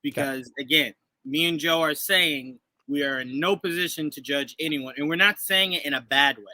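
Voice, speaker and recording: A man in his thirties co-hosting a casual show review, talking in an animated way and acting out voices as he tells stories. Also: on the high side, moderate pace, no room sound. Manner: animated, acts out quoted voices. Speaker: podcast co-host.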